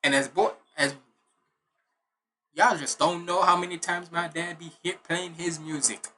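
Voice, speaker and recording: Bright-voiced man ranting in a casual reaction. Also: on the high side, steady tone, measured pace. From Jamaican heritage. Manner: blunt, ranting, swears freely. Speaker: music reaction host.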